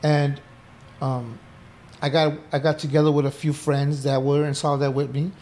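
Animated middle-aged man telling his story. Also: on the high side, moderate pace. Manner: animated, acts out quoted dialogue, swears casually. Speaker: podcast guest. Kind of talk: casual interview storytelling. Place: indoor podcast room.

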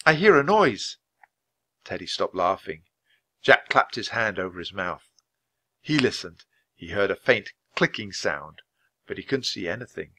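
A man reading a children's chapter book aloud at a natural, clear pace. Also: low voice, expressive, normal speed, pushed and bright. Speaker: storybook reader.

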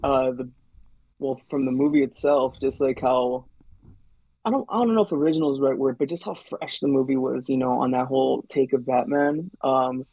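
A man's voice: mid-range voice, steady tone, normal speed, warm tone, dry recording, muffled recording. A man being interviewed about his artwork, easygoing and laid-back in casual chat. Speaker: guest card artist.

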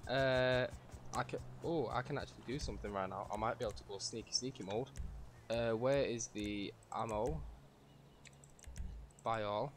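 A man's voice: mid-range voice, moderate pace, pauses often, slight background noise. A man streaming a game, rambling and self-mocking as he plays and swearing freely. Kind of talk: casual gameplay commentary.

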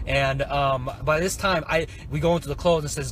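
Animated man telling a sales story. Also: a little high, fast talker, few pauses, a little hiss or hum. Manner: animated, keeps asking "right?". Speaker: online entrepreneur. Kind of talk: casual story about a sales webinar.

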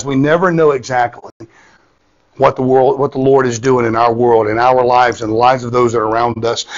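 A man's voice: medium pitch, highs cut off. A man preaching a sermon in a church, emphatic and repeating his key phrases. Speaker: pastor.

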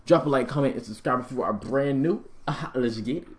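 A young man giving excited gameplay commentary as a gaming video host, loud and jumpy, repeating himself in bursts. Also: mid-range voice, fairly quick. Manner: hyped, loud outbursts, repeats phrases, laughing. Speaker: gaming YouTuber. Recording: faint music and gunfire behind.

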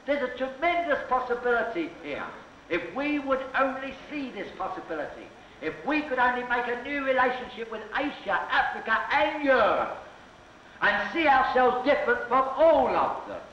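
A high-pitched man with a bright, piercing voice harangues an open-air crowd from a soapbox. He is provocative and bantering. The sound is dull and echoey old documentary film audio. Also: sing-song, normal speed, a little hiss or hum. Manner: provocative, hectoring, bantering with hecklers. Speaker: soapbox orator. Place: outdoor speakers' corner before a crowd.

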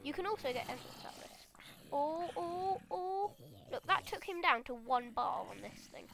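Excitable woman narrating gameplay. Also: high voice, brisk, gravelly. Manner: excitable, chatters at the game's monsters. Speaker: gamer. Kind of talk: let's play commentary.

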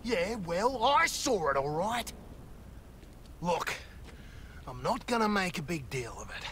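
Sarcastic, showy antihero. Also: male voice, high-pitched, sing-song, slow pace, bright, forceful tone, a little hiss or hum, full character voice. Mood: mocking. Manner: sarcastic, theatrical delivery. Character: brash wisecracking male antihero, showy and sarcastic.

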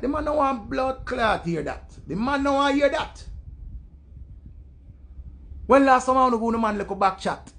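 Ranting Jamaican man, gravelly and high. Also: lively intonation, normal speed, long pauses. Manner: loud, profane patois rant, mimicking voices. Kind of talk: ranting commentary.

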